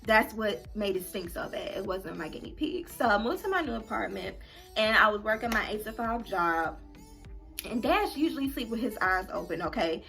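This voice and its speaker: A young adult woman vlogger telling a story to her viewers in a casual, animated and dramatic way. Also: mid-range voice, normal speed, creaky, soft background music.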